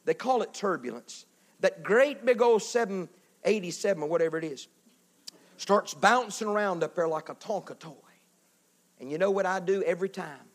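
A male pastor preaching a sermon, animated, swinging from loud to hushed and acting out little voices. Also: high voice, normal speed.

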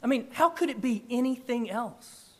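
A man preaching a sermon in church, emphatic and animated, with big swings in loudness. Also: very high voice, normal speed. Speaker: pastor.

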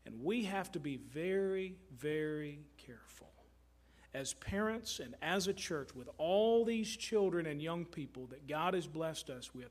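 A man's voice: fairly high pitch, lively intonation, measured pace. A middle-aged man from Kentucky preaching a sermon as pastor, earnest and emphatic, often repeating his phrases for weight. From Kentucky, USA.

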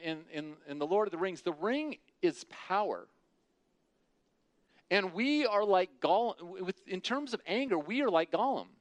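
A man delivers an earnest sermon in a relaxed, talky way, often doubling back and repeating words as he finds his point. His voice sits a little high for a man. The sound is dry and close. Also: dry recording. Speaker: preacher. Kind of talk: conversational sermon.

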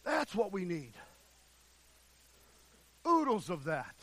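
A man preaching a sermon with fervor, drawing out the scripture he reads and swinging from shouts to hushed passages. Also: high voice, sing-song. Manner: drawn-out emphatic scripture reading.

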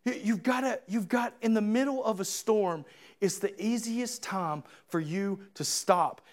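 A male pastor delivers a sermon in a church, his voice sitting unusually high. He talks with passion, climbing to shouts on his key points and then sinking into low, earnest urging. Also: measured pace.

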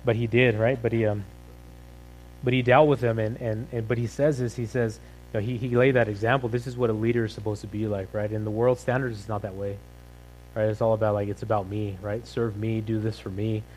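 Male pastor, casual sermon style, rapid delivery, low-pitched, faint hum in the background. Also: level tone, a little mellow, poor audio. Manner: conversational, peppered with "right?" and "like".

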